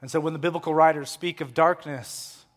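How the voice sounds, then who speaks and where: A man preaching a sermon, swinging between loud, impassioned proclamation and hushed, quiet lines. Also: fairly high pitch, fairly even intonation, brisk. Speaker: pastor. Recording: long hall reverb.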